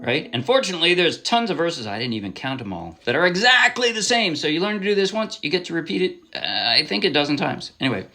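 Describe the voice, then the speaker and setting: A man's voice: a little high, big pitch swings, quick pace, few pauses, over loud music. A man giving a casual ukulele lesson, chatting loosely and counting beats aloud as he explains. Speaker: ukulele teacher. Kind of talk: casual instrument tutorial. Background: ukulele playing.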